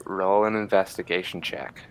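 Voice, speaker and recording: A man narrating as game master of a tabletop role-playing game in a relaxed way. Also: sits low, normal speed, a little hiss or hum, low-quality recording.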